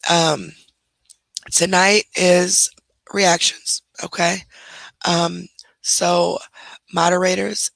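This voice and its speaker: A woman with a badly hoarse, gravelly voice, rough and husky as if almost gone, chats casually on her livestream. She talks directly to her viewers and moderators. The sound is close and dry, with no room echo. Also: fairly low pitch, fairly bright tone. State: hoarse, nearly lost voice. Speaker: livestream host.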